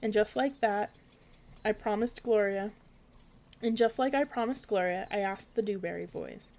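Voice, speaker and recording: A woman's voice: mid-range voice, moderate pace, darkish tone, poor audio. A woman reading a children's bedtime story aloud, giving characters light voices.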